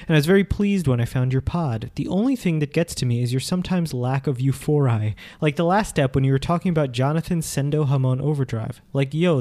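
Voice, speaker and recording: A man co-hosting a casual podcast, reading a listener email in a deadpan, teasing way. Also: a little high. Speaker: podcast co-host.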